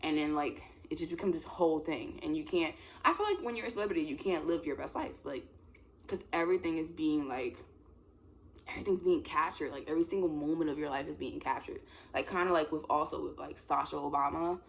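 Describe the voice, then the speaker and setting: A woman's voice: sits low, fairly quick, vocal fry, a little hiss or hum. A young woman in her twenties chatting casually to camera, rambling with lots of "like" and frequent laughs. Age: 20s. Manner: rambling, animated, full of "like" and laughs. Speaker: vlogger. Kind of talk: casual chat.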